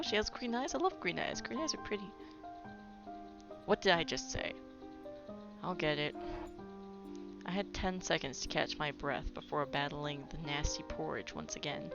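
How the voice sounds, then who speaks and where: Low, gravelly woman reading a game aloud. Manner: playful, chatty, wanders off on asides. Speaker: let's play gamer. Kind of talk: reading game text aloud with casual commentary. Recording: dull recording with game music.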